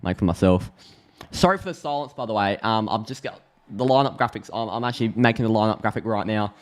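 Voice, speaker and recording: Chatty Australian football streamer. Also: male voice, fairly low pitch, quick pace. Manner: chatty, excitable, thinks aloud with restarts. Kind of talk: live match reaction.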